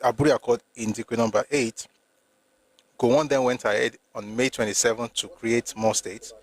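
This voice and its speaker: A man's voice: medium pitch, steady tone, normal speed. A Nigerian man hosting a live stream, reading from history books and arguing pointedly with commenters. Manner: argumentative with commenters, rising to emphatic at times. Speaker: host reading and discussing history with live viewers. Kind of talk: casual live-stream talk with read-aloud passages.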